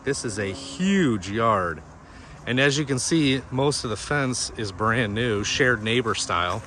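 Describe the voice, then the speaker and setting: A man's voice: medium pitch, animated, pushed and bright, slight background noise. A man giving a casual walkthrough of a home while carrying the camera, chatty and joking, slightly out of breath from walking. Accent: Texan. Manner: chatty and jokey, points things out in quick lists. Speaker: real estate agent giving a home tour. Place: inside a house and its backyard. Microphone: handheld camera he is carrying.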